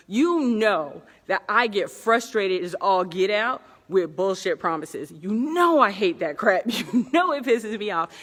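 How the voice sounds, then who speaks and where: A woman's voice: mid-range voice, a bit bright, long reverb tail. A woman coach talking casually and bluntly to viewers in a live video, cursing freely and laughing often. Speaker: speaking coach. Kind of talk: casual livestream talk to viewers. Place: hotel conference room at night.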